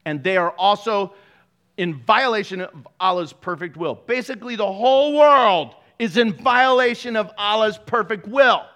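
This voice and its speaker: Animated, bright-voiced joking preacher man. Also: high-pitched, normal speed. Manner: animated, joking, laughs often; sarcastic asides to the congregation. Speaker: pastor. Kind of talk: sermon.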